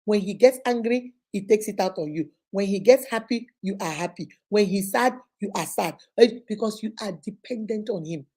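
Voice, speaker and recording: A woman's voice: mid-range voice, normal speed, hardly any pauses, warm tone, husky. A woman hosting a live motivational talk, speaking emphatically and repeating her points. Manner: emphatic, preachy, repetitive. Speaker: host.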